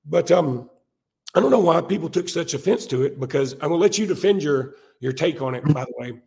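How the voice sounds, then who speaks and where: A man, his voice hoarse and gravelly from illness, talks sports on a podcast. He sits a little higher than most men. His delivery is animated and self-mocking. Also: brisk. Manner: animated, laughs at himself. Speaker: podcast co-host. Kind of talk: casual sports talk.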